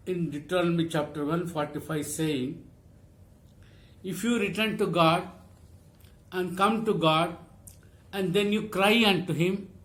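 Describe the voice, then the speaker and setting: High-pitched guy giving a sermon, slow and deliberate, repeats lines. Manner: slow, repetitive preaching with scripture readings. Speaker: preacher.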